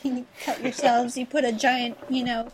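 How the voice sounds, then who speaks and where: A woman co-hosting a casual retro gaming podcast, trading quick teasing remarks. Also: fairly high pitch, little pitch movement, crowd noise. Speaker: podcast co-host.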